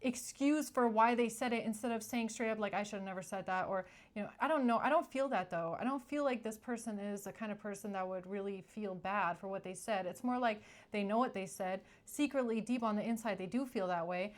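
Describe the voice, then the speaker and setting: A young woman talks through a tarot spread in a loose, conversational way. She is blunt and chatty, and keeps tagging her points with "okay?" Her voice sits in a middle pitch. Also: a little fast, few pauses. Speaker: tarot reader. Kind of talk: casual tarot reading to camera.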